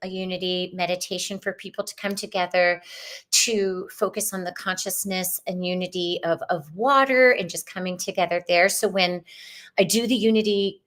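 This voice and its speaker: Woman, Southern US accent, host, spiritual talk, bubbly, effusive, swinging pitch. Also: steady tone, normal speed, a bit bright. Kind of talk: casual spiritual livestream talk.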